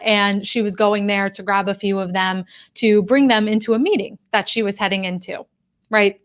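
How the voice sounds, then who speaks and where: A woman's voice: medium pitch, fairly bright tone. A woman who coaches and teaches human behavior, talking directly and conversationally to viewers on a live stream.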